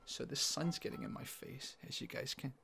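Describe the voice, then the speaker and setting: A young man, outdoors, casually telling a personal story to camera, acting out quoted lines with animated energy. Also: mid-range voice, moderate pace, vocal fry, breathy edge. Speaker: vlogger. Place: outdoors in sunlight.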